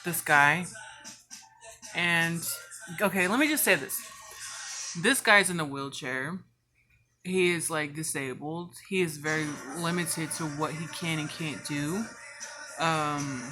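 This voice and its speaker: A woman's voice: deep voice, pushed and bright. A woman telling a storytime vlog in casual chat, swearing freely and filling her speech with "like". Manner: casual, heavy cursing, frequent "like" fillers. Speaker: vlogger.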